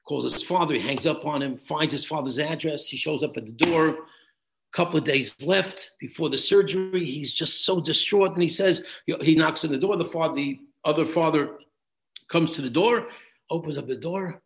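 A man teaching high school students, telling a story in a conversational way with many restarts. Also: normal speed, fairly bright tone.

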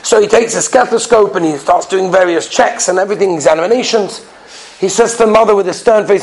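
A man's voice: sits high, fast talker. A man who is a rabbi, telling stories in a sermon. He acts out the people in his stories and repeats phrases for emphasis. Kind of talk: storytelling sermon.

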